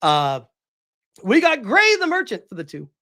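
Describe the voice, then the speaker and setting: A woman streams and answers her chat in a loose, casual way. Her pitch leaps around expressively as she fires off incredulous questions, and she swears freely. She sounds like a host reading donations and pushing back hard. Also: a little slow. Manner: animated, incredulous ranting with frequent swearing. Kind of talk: casual livestream commentary.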